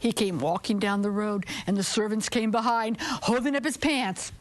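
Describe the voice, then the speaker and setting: Woman storyteller, children's folktale, expressive, drawn-out lines, whispered asides. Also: medium pitch.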